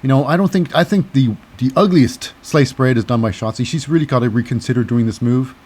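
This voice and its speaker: A man's voice: mid-range voice, brisk, darkish tone. Rambling, cynical male show host. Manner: rambling, digressive, cynical, lots of fillers. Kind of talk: casual wrestling recap commentary.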